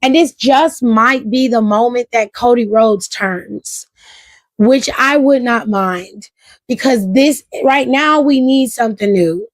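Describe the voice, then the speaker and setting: A woman hosting a casual wrestling review, talking in an animated, profane way and acting out quotes. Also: a little high, slow, no room sound. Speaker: wrestling show reviewer, host. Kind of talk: casual commentary.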